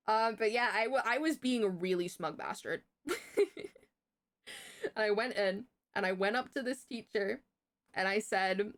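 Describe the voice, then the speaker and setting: A woman's voice: a little high, moderate pace. A young woman on a livestream, telling a story in casual chat, chatty and swearing freely. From Britain.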